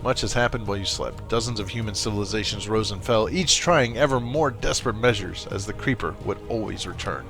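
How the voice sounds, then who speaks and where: A man reading the lines of a calm female ship AI in a game, in a measured, explanatory way. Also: lowish voice, faint music behind. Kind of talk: reading game dialogue aloud.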